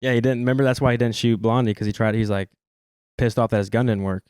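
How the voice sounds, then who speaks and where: A man co-hosting a casual film podcast, talkative and quick to laugh. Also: medium pitch, fairly even intonation, a little mellow, clear, resonant tone, no echo, clean studio sound. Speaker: podcast co-host.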